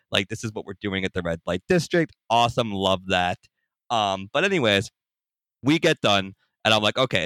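A young man recounts a personal story as a podcast guest, lively and casual. His voice sits a little low but sounds bright and forceful. The recording is dry and close. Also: no room sound. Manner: animated, acts out voices in anecdotes.

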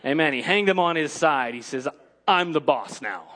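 A man preaching with fervent emphasis, dropping "Amen" between his lines. His voice sits a little high for a man, and it climbs when he gets worked up. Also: lively intonation, normal speed, a little hiss or hum. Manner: emphatic, frequent "Amen", rising to shouts. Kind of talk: sermon.

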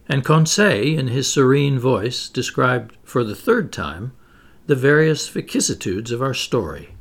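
A man narrates an audiobook in measured, expressive tones. His voice has a gravelly edge and swings through a wide pitch range.

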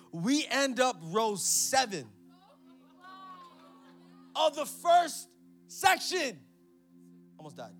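A high-voiced man preaching to a congregation, lively and animated as he tells a story and prompts the room to answer. Soft music runs faintly beneath him. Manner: energetic, calls out to the congregation. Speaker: pastor. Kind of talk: sermon with story. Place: church before a congregation.

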